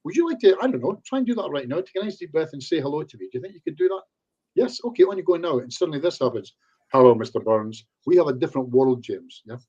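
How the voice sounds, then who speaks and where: A man's voice: on the high side, very animated, very fast, mellow, slightly rough, muffled recording. A man, a hypnotherapist chatting casually in an interview and acting out bits of client talk. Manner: chatty, acts out quoted voices in asides. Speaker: hypnotherapist guest. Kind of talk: casual online interview chat.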